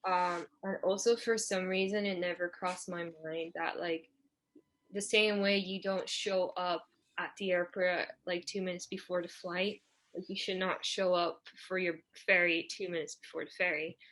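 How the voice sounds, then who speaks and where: A woman's voice: lowish voice, moderate pace. A young woman, a guest on a podcast, telling a travel story in a chatty way and filling her talk with "like". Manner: chatty, fills speech with "like"; animated when retelling dialogue. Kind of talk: casual storytelling.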